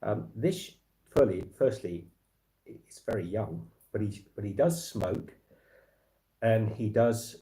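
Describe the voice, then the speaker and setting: A man's voice: on the low side, animated, takes it slowly, mellow. A man hosting a casual livestream, talking in a rambling way with many restarts and fillers. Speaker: livestream host.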